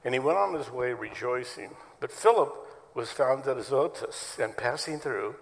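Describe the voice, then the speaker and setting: A man's voice: mid-range voice, expressive, moderate pace, gravelly, in a large hall, rough recording. A man preaching a sermon as pastor to his church, telling stories in a conversational way. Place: church sanctuary.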